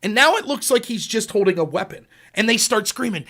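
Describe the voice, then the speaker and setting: A middle-aged man hosting a political talk show, telling stories and acting out quotes with sudden jumps in pitch and volume. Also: sing-song, fairly quick, hardly any pauses, fairly bright tone, slightly rough. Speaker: podcast host. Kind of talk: political commentary, storytelling.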